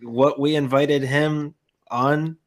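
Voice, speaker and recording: A man's voice: on the high side, fairly even intonation, slow pace. Rambling man with many restarts. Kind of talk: casual chat.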